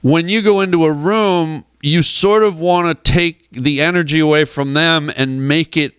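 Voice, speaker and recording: Comedian guy spinning a yarn on a radio show, smooth clear voice, kinda high, bone-dry studio sound. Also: normal speed, no echo. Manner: animated storyteller who acts out quoted voices. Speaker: guest comedian. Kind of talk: casual anecdote on a radio talk show. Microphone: studio microphone.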